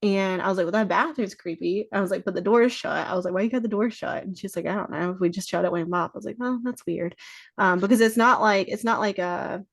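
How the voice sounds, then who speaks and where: A woman's voice: mid-range voice, fast talker, gravelly, no room sound. A woman guest on a podcast, telling stories in a casual chat, swearing freely and acting out what people said. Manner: swears freely, acts out quoted dialogue.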